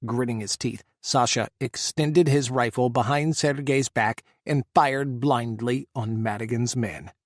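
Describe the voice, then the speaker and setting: A man's voice: medium pitch, a little slow, few pauses, no echo. Dry-voiced male audiobook narrator. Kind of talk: scripted narration.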